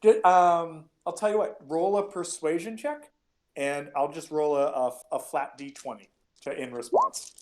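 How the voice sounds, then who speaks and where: A man's voice: on the high side, steady tone, unhurried. A man narrating as game master of a tabletop game, chatty and rambling with many fillers.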